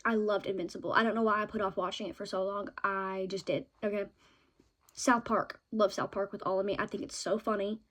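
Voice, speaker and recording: Speaking in a mid-range voice, a young female vlogger gushes about the shows and books she loves, chatty and excitable, frequently capping her points with "okay?".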